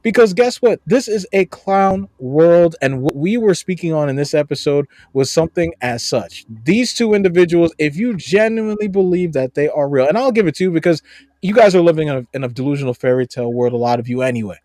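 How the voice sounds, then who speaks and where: Podcast guy reading comments out loud, sarcastic and swearing, voice jumping up and down a lot, dry close sound. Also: a little high, expressive, quick pace, no echo. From United States. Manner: blunt, profane, sarcastic. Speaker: podcast co-host. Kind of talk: casual reaction commentary.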